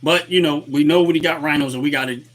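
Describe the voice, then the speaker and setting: A man's voice: fairly high pitch, fairly even intonation, fast, fairly bright tone. A man hosting a political livestream, talking in a heated, repetitive rant and greeting chat viewers. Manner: fired-up, repetitive, reads chat aloud. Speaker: livestream host. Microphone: webcam setup at desk.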